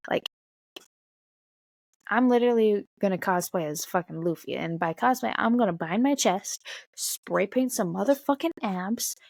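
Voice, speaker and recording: A young woman and mother talking bluntly to camera in a casual vlog, swearing often and getting animated. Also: mid-range voice, normal speed, creaky, dry recording, studio quality. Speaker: mother of a toddler.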